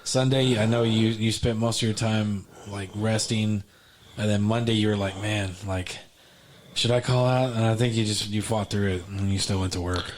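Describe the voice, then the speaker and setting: A man's voice: fairly low pitch, steady tone, normal speed. A man co-hosting a podcast, chatting in an easygoing way and often repeating words. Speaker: podcast co-host. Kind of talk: casual chat.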